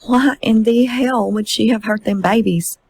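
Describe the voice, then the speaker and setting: A woman reading aloud voices a distraught father who keeps asking disbelieving questions, her husky voice climbing high. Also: unhurried, darkish tone, dry recording. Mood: anguished. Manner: rising, incredulous questions.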